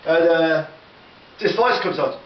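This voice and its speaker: A comedy vlogger in character rambles through a sweary, improvised comic monologue at home, stammering through restarts. His voice is a little high and slow, caught on a camera mic in a roomy, distant, dull home recording.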